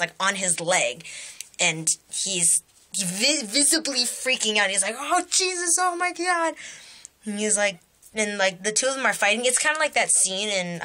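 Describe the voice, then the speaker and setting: A young woman vlogger retelling a dream to her camera, in a casual, animated way, with quoted lines jumping up in pitch. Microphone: camera mic.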